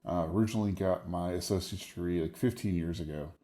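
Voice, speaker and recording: 40s guy rambling on his podcast, real low gravelly radio voice, faint guitar behind. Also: fast, mellow. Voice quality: deep radio voice. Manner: rambling, wry, stream of consciousness. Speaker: podcast host. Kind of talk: casual solo podcast monologue.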